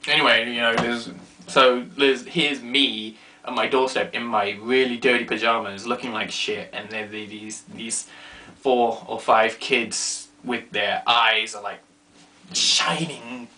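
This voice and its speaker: A young man telling a rambling, self-mocking story to camera in a casual vlog, now and then dropping to quiet asides. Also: mid-range voice, steady tone, slow pace. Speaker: vlogger.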